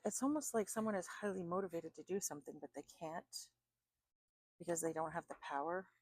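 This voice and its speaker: A woman's voice: on the low side, fast, a little mellow, dry recording. A woman giving a chatty oracle card reading, thinking aloud with fillers and restarts. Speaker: tarot card reader.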